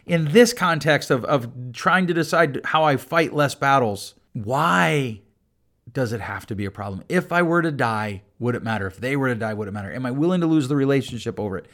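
A man's voice: mid-range voice, lively intonation, a little fast, a bit bright. A man hosting his own podcast, talking through advice in a loose monologue, often repeating and restarting words, with a dry sense of humor. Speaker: podcast host.

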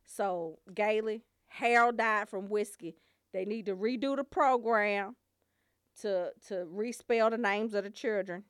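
A woman telling profane comedy stories, loud and animated, swearing and laughing often. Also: mid-range voice, clear, resonant tone, no echo, clean studio sound.

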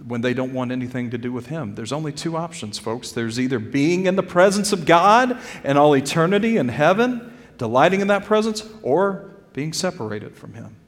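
A male pastor preaching a sermon earnestly, calling his listeners "folks" and swinging between loud emphasis and quiet drops. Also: fairly high pitch, animated, normal speed, long reverb tail. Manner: addresses the congregation directly as "friends" and "folks". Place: church sanctuary.

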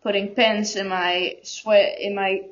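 Dutch girl telling her story, stops and restarts a lot, kinda monotone, dull lo-fi sound. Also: mid-range voice. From Netherlands. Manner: halting, searching for words. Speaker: student guest. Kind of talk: casual personal storytelling. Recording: dull lo-fi recording.

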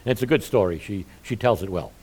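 A man's voice: on the low side, animated, fast talker, a little mellow, husky. A middle-aged male pastor preaching a sermon, with folksy asides between his points.

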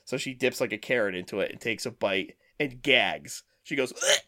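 A man hosting a casual talk show, telling animated stories and acting out the quotes. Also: medium pitch, normal speed. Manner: animated storyteller, acts out quotes. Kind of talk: casual chat.

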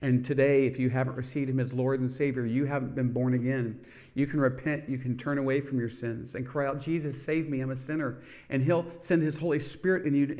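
A man's voice: mid-range voice, a little mellow. A middle-aged man preaching and hosting a televised sermon program, fervent, stressing his words and calling out hallelujah.

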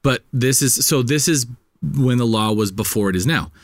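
A man's voice: medium pitch, normal speed, no echo, studio quality. Profane, heated storytelling man. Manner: heated, profane, animated retelling. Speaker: podcast co-host. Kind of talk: casual storytelling chat.

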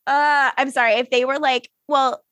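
A woman with a slightly high voice chats casually as a podcast co-host. She laughs often, swears freely and acts out lines as she recaps. The sound is dry and close. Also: steady tone, moderate pace, a bit bright, no echo.

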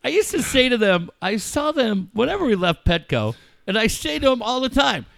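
A man's voice: extremely high pitch, normal speed, vocal fry, dry recording, studio quality. A man hosting a podcast, telling a story in casual profane talk and mimicking other people as he goes. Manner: animated, swearing, mimicking others. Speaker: podcast host.

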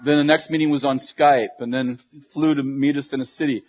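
A man preaching to a congregation, telling a funny story in an animated way with laughs and quick asides. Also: medium pitch. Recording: dull lo-fi sound.

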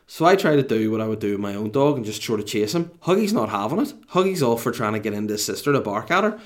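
A middle-aged man with a North Down accent from Northern Ireland, a podcast co-host telling a comic story in an animated, self-mocking way and swearing freely. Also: lowish voice, fast talker. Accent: Northern Irish, North Down.

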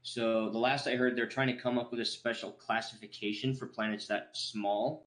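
A man's voice: mid-range voice, little pitch movement, moderate pace, a bit bright. A man co-hosting a casual podcast, rambling through an explanation and losing his thread.

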